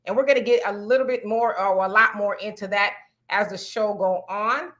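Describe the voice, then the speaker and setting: A woman's voice: medium pitch, moderate pace, fairly bright tone. A middle-aged woman hosting a casual live-streamed talk show, chatting conversationally and reading viewer comments aloud. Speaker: host.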